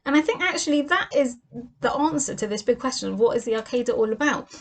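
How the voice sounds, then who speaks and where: A woman's voice: fairly high pitch, animated, quick pace. A woman giving a weekly Torah portion lesson, earnest and full of rhetorical questions. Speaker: Torah teacher.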